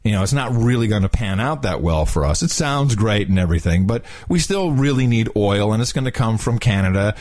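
A man's voice: lowish voice, expressive, a little fast, hardly any pauses, a little mellow. A male host chatting casually about politics in a rambling, sarcastic way. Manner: rambling, sarcastic, laughs often.

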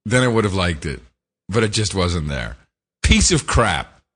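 This podcast co-host has a low-sitting, slightly rough voice with a fairly bright tone, and he speaks in an unhurried, sing-song way. He meanders through a casual film recap, laughing, restarting and using plenty of fillers.

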